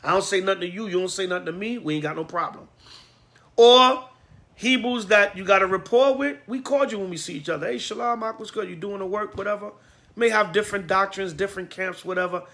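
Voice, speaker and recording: A man's voice: high voice, a little fast, bright, forceful tone. A man teaching a Bible class as a priest, blunt, slangy and fiery, often going off on digressions.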